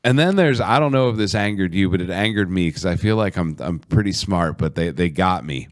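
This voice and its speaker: A man's voice: low-pitched, lively intonation, fairly quick, no room sound, studio quality. A man hosting a casual podcast interview, speaking hesitantly and poking fun at himself. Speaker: podcast host.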